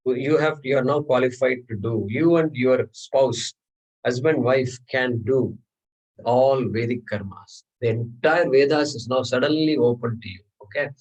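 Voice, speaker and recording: A man's voice: medium pitch, moderate pace, darkish tone, low-quality recording. A man teaching a scripture class, explaining step by step, often checking in with "okay?" and asking the class rhetorical questions. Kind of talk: classroom lecture. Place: class room.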